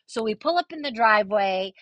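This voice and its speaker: Middle-aged woman, bright tense voice, dry close recording, casual storytelling, animated, swears. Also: mid-range voice, brisk, dry recording. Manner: animated, swears freely, acts out quoted voices. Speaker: podcast host telling a personal story.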